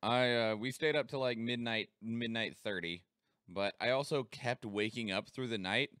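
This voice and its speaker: A man co-hosting a podcast rambles through a story in casual chat, full of filler words. His mid-range voice is clear, resonant and a bit bright, at normal speed. The studio sound is clean, with no room sound.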